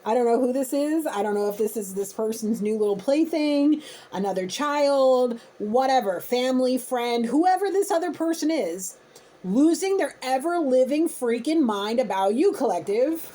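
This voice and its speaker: A woman's voice: high voice, expressive, normal speed, warm tone. Blunt, emphatic intuitive reader woman. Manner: blunt, emphatic, casually profane. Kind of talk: spiritual reading addressed to viewers.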